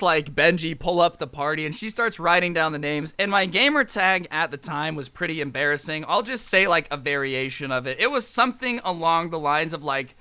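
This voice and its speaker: Guy doing a sarcastic storytime vlog, kinda high bright voice. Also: clear, resonant tone. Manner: sarcastic, joking asides. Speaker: storytime vlogger. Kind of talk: casual storytelling.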